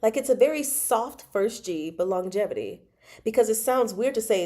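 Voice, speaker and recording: A woman hosts a casual book chat, wandering off on tangents and laughing as she goes. Her voice is soft and mellow, and her pitch sits right in the middle. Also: sing-song, normal speed. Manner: chatty, digressive, laughs often. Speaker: book club host. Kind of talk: casual chat about a novel.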